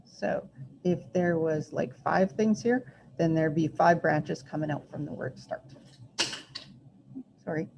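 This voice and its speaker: A woman teaches a recorded math lesson in a low, dark, gravelly voice. She is chatty and self-deprecating and thinks aloud as she works through her drawing. The recording is muffled, with a faint hiss behind her. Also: slow pace, pauses often.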